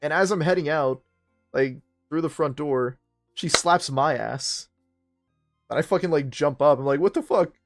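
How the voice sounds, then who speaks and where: This one has a higher-leaning, unhurried male voice. Over quiet game music during a stream, a young man spins a meandering, foul-mouthed tale at his own expense, chatting casually as he plays.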